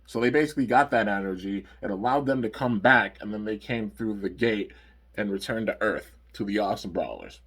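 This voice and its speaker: Husky, low-voiced man rambling casually. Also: a little fast, a bit bright. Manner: rambling, filler-heavy, stops to correct himself. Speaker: video host reviewing cartoon episodes. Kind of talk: casual spoken review.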